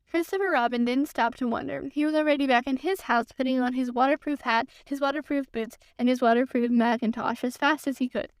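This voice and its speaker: A woman reads a children's storybook aloud in a gentle, even narrator's voice. Her tone is fairly high, smooth and clear, and the sound is close and dry with no room around it. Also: fairly quick, few pauses, no echo. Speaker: podcast host reading aloud. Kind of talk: storybook reading.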